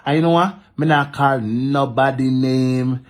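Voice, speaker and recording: A man with a Jamaican accent ranting to camera in patois, animated and repetitive, talking back to commenters. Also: medium pitch, moderate pace. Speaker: social media vlogger. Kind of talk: casual ranting monologue to camera.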